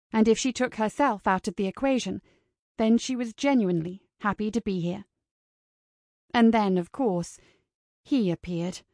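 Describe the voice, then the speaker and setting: A woman narrates an audiobook in a measured, expressive reading voice. Her pitch sits in the middle range. The recording is dry and close, with no room sound. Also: no echo.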